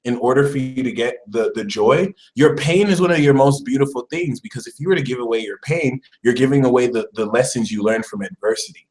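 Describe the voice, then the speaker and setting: A man hosting a casual astrology live stream, talking in a chatty, animated way and putting on mock voices. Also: medium pitch, fairly quick, poor audio. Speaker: astrology channel host.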